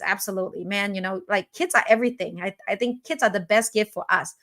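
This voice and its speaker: A woman's voice: medium pitch, a little fast, few pauses. A woman hosting a live online coaching session, talking energetically and often checking in with "right?". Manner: energetic, keeps asking "right?". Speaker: host and business owner.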